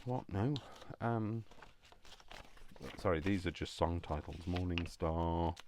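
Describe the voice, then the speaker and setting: A man's voice: sits low, slow pace, darkish tone, slight background noise. A man chatting casually to himself as he makes crafts, rambling with jokey asides. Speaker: craft channel host.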